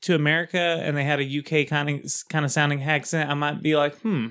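A man's voice: fairly high pitch, level tone, fast talker, a bit bright, clean tone. A man hosting a podcast in casual chat, rambling with many fillers and frequent laughs. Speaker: podcast host.

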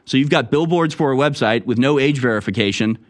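A man with a medium-pitched voice talks briskly through a political commentary monologue. His tone is sarcastic and mocking, complete with mocking impressions in a raised voice.

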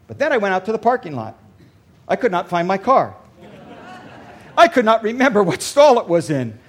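A male pastor preaching a sermon, telling a story and dropping to a soft voice for emphasis. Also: high-pitched, very animated, fairly quick, long pauses. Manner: storytelling, varies loudness for emphasis.

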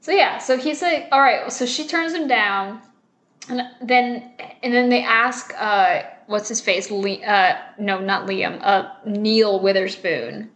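A woman's voice: mid-range voice, slow, roomy sound. A young woman in casual conversation, retelling a film scene by scene, acting out the characters' lines, swearing and laughing. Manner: animated, acts out quotes, swears, laughs. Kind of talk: casual movie discussion chat.

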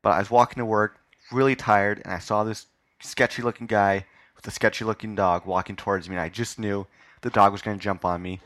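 This podcast host talks briskly in a steady, fairly bright, lowish voice with no echo. Live on stage in front of an audience, he conducts a casual interview in a rambling, self-deprecating style full of filler words.

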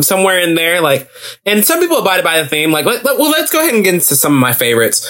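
A man hosting a podcast episode, reviewing in a gushing, casual way with lots of fillers, restarts and repeated phrases. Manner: lively pitch jumps when excited. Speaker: podcast host. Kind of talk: casual solo review chat.

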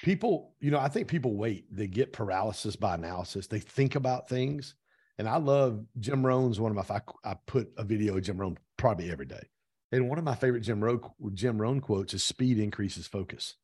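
Husky-voiced man telling a story. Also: on the low side, fairly quick. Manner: energetic, retells events with lively quoted dialogue. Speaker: podcast guest, real estate team owner. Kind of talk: animated storytelling in conversation.

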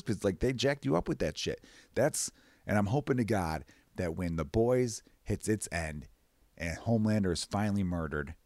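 A man hosting a podcast, rambling casually and profanely, short of breath and jumping into high mock voices. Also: no room sound. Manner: profane, rambling, animated bursts into high-pitched mimicry. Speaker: podcast host. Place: away from his usual recording space.

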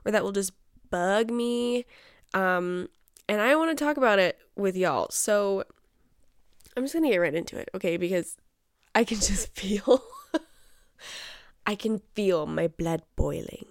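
A woman's voice: medium pitch, a little slow, pauses often, no echo, studio quality. A woman hosting her own show, talking casually in a chatty, exasperated way and often laughing. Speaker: podcast host. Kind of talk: casual solo chat.

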